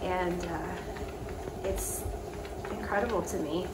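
A young woman vlogger talking fondly to her dogs at home, praising them softly and laughing often as they walk on a treadmill. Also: fairly low pitch, slow, roomy sound. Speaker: vlogger and dog owner. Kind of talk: casual chat. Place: indoors at home beside a running treadmill. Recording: steady treadmill motor noise behind.

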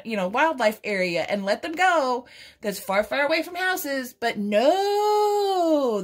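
Unboxing gifts on her craft channel, a middle-aged woman coos, giggles and gushes in a high-pitched, slightly bright voice.

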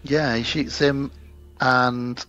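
A man's voice: fairly even intonation, takes it slowly, sharp tone, highs cut off, soft background music. A man co-hosting a podcast, casually recapping a film's plot and acting out lines from the scenes. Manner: retells scenes, acting out quotes in higher voices. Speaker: podcast co-host. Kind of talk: casual movie recap chat.

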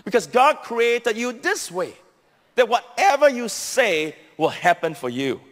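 A man's voice: sing-song, measured pace, fairly bright tone, big-room sound. A man with a Singaporean English accent preaching a sermon as a pastor, emphatic and repetitive, stressing key phrases. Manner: emphatic preaching, repeating key phrases, sweeping pitch swings.

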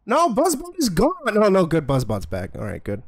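A man's voice: high voice, huge pitch swings, normal speed, no room sound, studio quality. A man streaming a horror game live, swearing, joking and talking back to the game and to his chat. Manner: profane, jokey, talks back to the game and chat. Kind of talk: live gameplay commentary.

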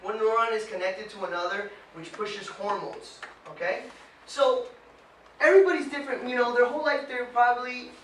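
A man gives a lively motivational talk to a small group, firing questions at them and mimicking whiny complaints. His voice sits high and carries through a roomy space. It is heard from a distance against faint background noise. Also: normal speed. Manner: animated, quizzes the audience, mimics whiny voices. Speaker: motivational speaker.

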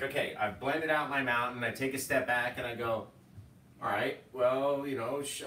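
A man's voice: lowish voice, a bit bright. A man teaching painting live in a casual, rambling way, often drifting into stories. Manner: rambling, chatty, storytelling asides. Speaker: painting instructor. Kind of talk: casual live tutorial chat. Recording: echoey room, distant mic, faint noise.

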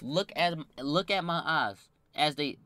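A young man casually telling a wild story from his own life, animated and full of slang and swearing. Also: a little high, a little slow, no echo. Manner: animated, slangy, swears a lot, bursts into loud laughing shouts.

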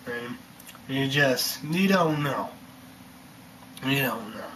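A man's voice: mid-range voice, expressive, slow, pushed and bright, slight background noise. A man talking in a casual, rambling monologue, repeating himself and leaning on fillers. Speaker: vlogger ranting on camera.

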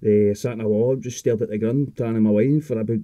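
Fast-talking dark-voiced Scottish man. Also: on the low side, steady tone, dry recording. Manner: rambling, heavy swearing, frequent restarts. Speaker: podcast guest. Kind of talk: casual chat.

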